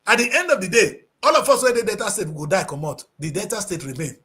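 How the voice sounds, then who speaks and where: A man's voice: sits high, animated, fast talker, bright, forceful tone. A man with a Nigerian accent giving passionate, preachy talk-show commentary, slipping into Pidgin English.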